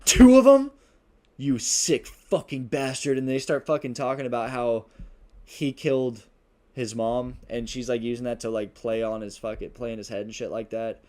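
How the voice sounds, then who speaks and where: A man on a podcast casually retells a movie plot, rambling, swearing constantly and filling gaps with "uh" and "like." He is a co-host whose medium-pitched, darkish voice keeps a level tone at normal speed.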